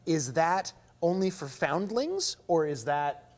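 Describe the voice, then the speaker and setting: A man with a somewhat high voice, talking in a casual podcast chat. He rambles through his stories and swears freely. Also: very animated, takes it slowly, darkish tone. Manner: loose, profane, rambling storyteller. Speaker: podcast co-host.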